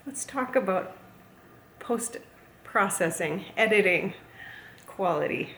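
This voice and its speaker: A woman's voice: medium pitch, lively intonation, slow, long pauses, fairly bright tone, whispered. A woman chatting casually as a plant YouTuber, gushing and playful. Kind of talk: casual vlog chat. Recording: echoey room, faint ambience.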